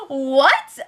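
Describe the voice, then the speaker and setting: Hosting a laid-back show recap, this young woman speaks in a bright, high, pushed voice. Her sarcastic, chatty delivery is full of laughter and brief impressions of the people she talks about.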